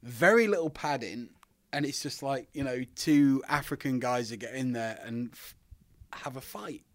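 A man's voice: mid-range voice, moderate pace, no echo. British male guest, chatty storyteller, dry close sound. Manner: chatty, laughs often. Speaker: guest, former wrestler. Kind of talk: casual storytelling.

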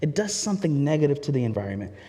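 Lively high-voiced male preacher in a hall. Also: racing. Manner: candid, conversational, with repeated asides to the listeners. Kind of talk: sermon. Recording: reverberant hall.

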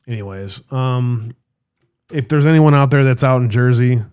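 A man hosting a casual online show, reading headlines and reacting with scoffing sarcasm. His voice sits at an ordinary middle pitch. He talks loosely, with plenty of laughs and blunt language. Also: fairly even intonation, moderate pace, darkish tone. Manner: sarcastic, laughs often, swears. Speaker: show host. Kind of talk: casual commentary reading news.

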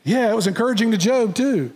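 A man with a high voice preaches in a church, his words carried by a long hall reverb. He swings from hushed, low phrases to loud, emphatic questions. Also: expressive, fast talker, breathy edge. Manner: emphatic preacher, drops soft and rises loud. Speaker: pastor. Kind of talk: sermon. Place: church sanctuary.

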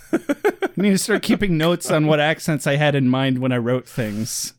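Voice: mid-range voice, expressive, no room sound. A podcast co-host recapping a TV episode in casual, joking chat. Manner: joking, playful, quick to laugh.

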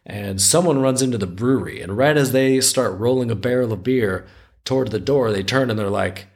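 A man's voice: medium pitch, fairly quick, a little mellow. Wry man telling a folk tale. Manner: wry, irreverent, conversational. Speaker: podcast host and storyteller. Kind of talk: casual storytelling narration.

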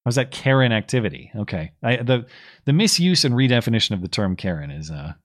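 A man co-hosts a talk show with a sarcastic, argumentative edge. His voice sits at a middle pitch, and he speaks in a relaxed commentary style. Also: brisk. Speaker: podcast co-host. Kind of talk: political commentary chat.

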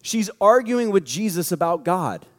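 A man with a high voice preaches a sermon in a loose, conversational way, full of jokes and lively asides. His voice rings through a large hall with a long, trailing reverb. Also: unhurried. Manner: animated, joking, conversational preaching. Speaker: pastor.

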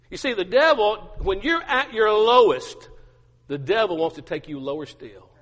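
High, bright-voiced preacher in a ringing hall. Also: male voice, lively intonation, moderate pace. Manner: emphatic, repetitive, humorous asides. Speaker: pastor. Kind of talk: sermon.

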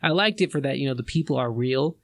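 A man's voice: medium pitch, expressive, fast, gravelly, fairly bright tone, no room sound. A man co-hosting a casual podcast, ranting in exasperation with many restarts. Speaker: podcast co-host. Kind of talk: casual movie rant.

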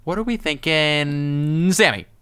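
A man's voice: a little high, takes it slowly, a bit bright, smooth. A young man hosting a comedy podcast, playful and theatrical, swinging between big mock-grand announcements and mumbled asides. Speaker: podcast host. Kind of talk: comedic casual chat.

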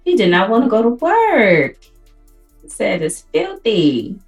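Playful woman with a lively voice. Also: mid-range voice, faint music behind. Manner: playful, quick joking reactions. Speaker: podcast co-host. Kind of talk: casual chat.

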